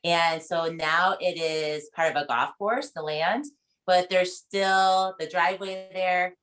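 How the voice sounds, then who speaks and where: A woman in her forties talks on a video call, her voice sitting a little low for a woman. She rambles and restarts, often getting choked up as she shares a personal memory with her book club. The tone is casual and heartfelt. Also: steady tone, slow pace, a bit bright. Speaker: book club member leading discussion.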